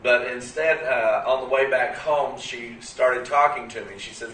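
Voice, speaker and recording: A man in his fifties preaching in a relaxed, folksy way, telling a story with plenty of "you know" and "uh". His voice is bright and forward. He sounds a little distant from the mic, in an echoey hall with faint ambient noise. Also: mid-range voice, measured pace. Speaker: speaker at a church gathering. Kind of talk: storytelling sermon.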